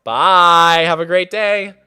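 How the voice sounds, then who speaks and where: A young man chatting casually while hosting a game stream, excitable and playful, greeting viewers by name. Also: high-pitched, slow, smooth, faint music behind. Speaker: livestreamer and server host.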